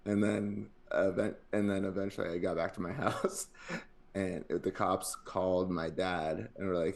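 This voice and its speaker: A man's voice: low-pitched, fairly even intonation, moderate pace, gravelly. A man in his thirties, a podcast co-host, rambling through anecdotes full of fillers in casual chat.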